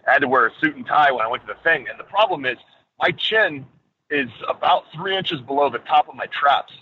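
A man telling lively stories on a podcast, acting out what others said. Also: a little high, a little fast, a little hiss or hum. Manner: animated storyteller, acts out quotes. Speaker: podcast guest. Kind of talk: casual storytelling. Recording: tinny phone-line sound.

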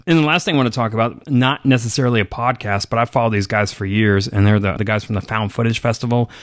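A man co-hosting a podcast in a loose, chatty way, cursing casually as he talks. His voice sits fairly low, and the recording is dry and close with no room sound. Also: fast, no echo. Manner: relaxed and chatty, swears casually. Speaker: podcast co-host. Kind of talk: casual chat.

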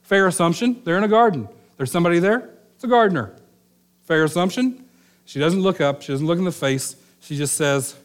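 A middle-aged male pastor preaches a sermon like he's telling a story in conversation, acting out the lines of the people in it. His voice is fairly high and expressive, at a moderate pace.

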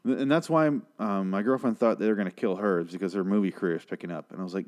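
A man's voice: deep voice, very fast. A man giving a rambling, casual recap of a TV episode, swearing often and adding sarcastic asides. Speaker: show recapper.

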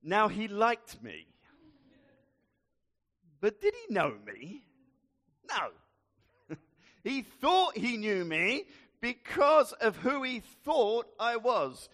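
A man giving a sermon, telling a story with measured, dry humour. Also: very high voice, sing-song, a bit bright. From England. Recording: long reverb hall.

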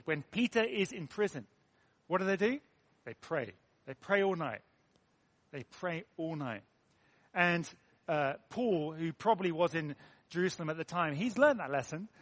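An English man preaching a sermon in an earnest, conversational way, with self-deprecating asides. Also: sits high.

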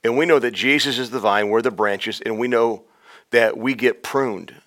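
A man preaching a sermon on a podcast, swinging between loud urgent exhortation and hushed, intimate storytelling. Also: mid-range voice, moderate pace. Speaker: pastor. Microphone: podcast microphone.

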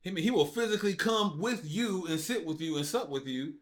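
A man telling his faith testimony as a podcast guest, in casual, informal speech, acting out quotes with big swings in his voice. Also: fairly quick. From United States. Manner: animated storyteller, acts out quotes with big jumps in pitch; informal speech with dropped verbs. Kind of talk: casual storytelling conversation.

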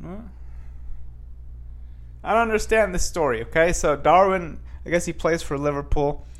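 A man's voice: a little high, normal speed. A man chatting casually to his viewers and reading news headlines aloud, rambling with many restarts, fillers and asides. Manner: talks straight to viewers. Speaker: vlogger.

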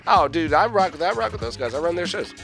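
A man's voice: a little high, fast talker, gravelly, music in the background. A man hosting a local radio show, chatting loosely and ranting with casual cursing. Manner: loose, cursing, animated rants.

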